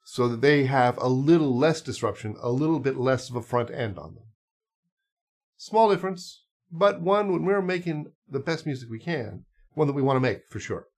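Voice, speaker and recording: Male music teacher, mid pitch, easygoing explainer with fillers. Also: moderate pace. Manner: relaxed, explains with asides and fillers. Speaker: clarinet teacher. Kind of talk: casual instructional talk.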